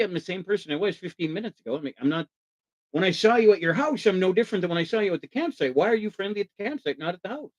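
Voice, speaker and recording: A man's voice: sits high, animated, very fast, no echo, poor audio. A man hosting a casual live stream, enthusiastic, asking his guest questions and answering viewers in the chat. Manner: enthusiastic, talks to viewers in chat, acts out quoted voices. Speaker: live show host.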